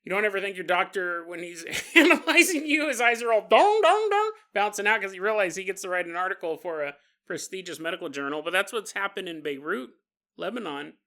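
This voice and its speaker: Podcast host, male, bright tone, crude jokey storyteller who laughs a lot. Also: high-pitched, big pitch swings, brisk. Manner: crude humor. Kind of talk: comedic storytelling monologue.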